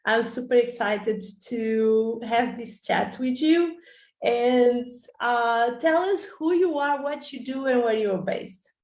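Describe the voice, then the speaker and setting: A woman's voice: on the high side, slow pace, darkish tone, reverberant. A woman hosting a podcast interview, welcoming her guest in an encouraging, effusive way. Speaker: podcast host.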